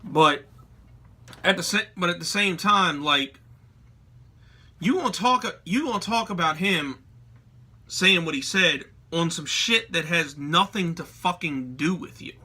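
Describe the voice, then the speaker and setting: Brief: young adult man, hot-tempered profane vlog rant, tense sharp voice, sits a bit high. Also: unhurried, long pauses, slightly rough. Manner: heated, swearing, slangy. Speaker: vlogger. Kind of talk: profane ranting commentary.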